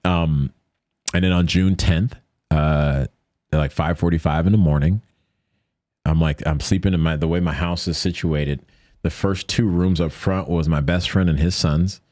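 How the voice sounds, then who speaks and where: A man from the United States, a podcast guest, telling a story in animated fashion and acting out the voices of the people in it. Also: sits low, moderate pace, no echo, clean studio sound. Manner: animated retelling that acts out quoted voices.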